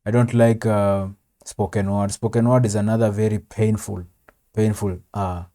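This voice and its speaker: A man's voice: fairly low pitch, little pitch movement, normal speed, dark tone. A man casually commenting on a TV episode as he watches, rambling and tacking "man" or "bro" onto his lines. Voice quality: says "man" and "bro" constantly, rambling with fillers. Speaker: reaction video host. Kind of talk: casual commentary over TV clips.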